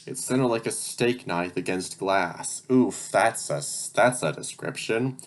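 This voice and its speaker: A man's voice: lowish voice, unhurried. Young man reading old stories, sarcastic. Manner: incredulous, sarcastic, swearing asides. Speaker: channel host. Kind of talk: reading childhood stories aloud with commentary.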